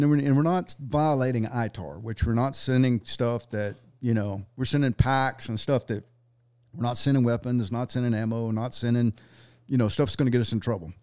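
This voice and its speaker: A man's voice: mid-range voice, a little mellow. A man telling earnest war stories on a casual podcast, swearing freely. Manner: earnest, swears freely, acts out quoted dialogue. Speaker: sniper instructor guest.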